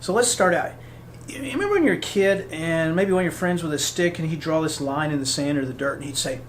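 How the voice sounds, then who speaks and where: Hosting his podcast, a man delivers an animated motivational talk and performs the voices of the people he quotes. His voice is on the high side, his pace brisk, with a bit of background noise.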